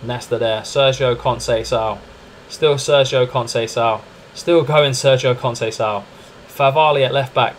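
A young man streaming a football management game, commenting live in a chatty, excitable way and calling to his viewers as lads and mates. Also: mid-range voice, moderate pace, a little hiss or hum. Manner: excitable, chatty, keeps addressing "lads" and "mate".

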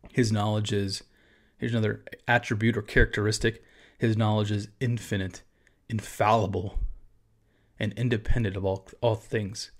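A man, a pastor, teaching about a church confession of faith in a casual, conversational way with asides. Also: on the low side.

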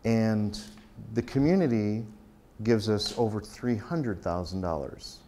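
A pastor gives a conversational conference talk in a lowish, mellow voice, speaking slowly but with animation and acting out the quoted exchanges in his stories. There's a slight hiss or hum in the background.

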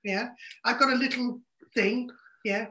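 A woman's voice: on the high side, steady tone, measured pace, bright, forceful tone, roomy sound. A woman chef co-hosting a live cooking demonstration from her home kitchen over a video call, talking in a bubbly, instructive, exclamatory way. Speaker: chef and co-host.

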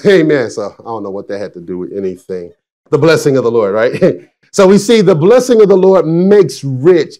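A high-pitched man in his forties preaching a sermon as a pastor. He tells chatty stories, laughs often, and swings between excited bursts and hushed asides. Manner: chatty storytelling with frequent laughs. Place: church service.

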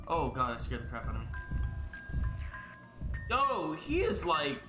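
A man with a fairly high, wildly swinging voice yells and frets through panicky gameplay commentary, drawn out and unhurried between outbursts. His voice rings in a roomy, echoey space, with game music playing loudly behind him. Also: huge pitch swings. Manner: panicky, exclaiming, yelling at the game. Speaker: gaming video creator.

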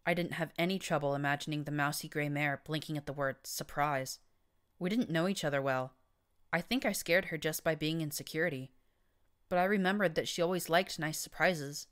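A woman reading a first-person story as an audiobook narrator, in measured, even storytelling. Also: deep voice, clean tone.

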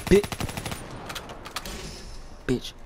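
A young man hosting a gaming channel, giving excitable live commentary while he plays, cursing constantly and jumping from shouts to muttering. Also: extremely slow, noisy background.

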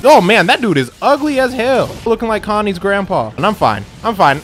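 A young man commentating his own gameplay, excitable and trash-talking, yelling at the game. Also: high-pitched, normal speed, few pauses, slight background noise. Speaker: gameplay YouTuber. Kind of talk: let's play commentary.

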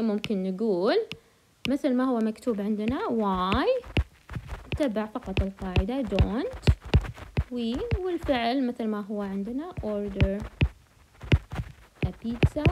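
A woman's voice: a little high, background noise. Woman w teaching english grammar, says every example twice, flips into to explain. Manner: repeats phrases slowly, switches between English and Arabic to explain. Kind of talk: grammar lesson in English and Arabic.

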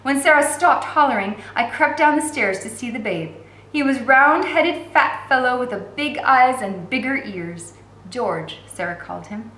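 Bright-voiced woman reading a novel aloud. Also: sits high, expressive, normal speed, reverberant. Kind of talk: read-aloud narration with commentary.

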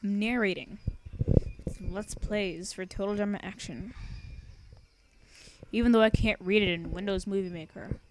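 A woman's voice: mid-range voice, unhurried, pauses often, background noise. Chatty, sarcastic young woman gamer. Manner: chatty, sarcastic, rambling, singsong asides. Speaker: let's play narrator. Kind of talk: casual game commentary.

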